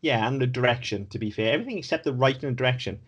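A man's voice: medium pitch, rapid-fire, fairly bright tone, slightly rough. A man co-hosting a podcast, chatting casually and critically, swearing now and then. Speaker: podcast co-host. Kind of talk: casual chat.

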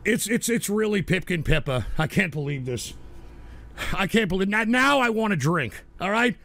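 A man hosting a live radio show, ranting and suddenly breaking into shouting and swearing. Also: high-pitched, normal speed, gravelly. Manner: excitable, bursts into shouting and swearing. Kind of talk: live call-in radio rant.

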